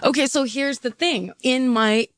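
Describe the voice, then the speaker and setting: A woman's voice: high voice, unhurried, no echo, studio quality. Wry, rambling podcast co-host woman. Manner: wry, self-deprecating, rambling asides. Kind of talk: casual chat.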